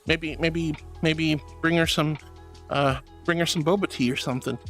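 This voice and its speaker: A woman's voice: deep voice, steady tone, normal speed, faint music behind. A woman streamer in a casual chat who reads her live chat aloud, affectionate and bubbly, calling viewers sweetie and honey.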